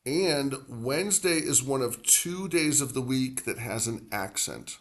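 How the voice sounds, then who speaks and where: A man's voice: mid-range voice, expressive, unhurried, fairly bright tone. A man teaching Spanish pronunciation, explaining at length with many fillers and drawing out the words he repeats. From grew up near the Atlantic coast. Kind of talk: language lesson.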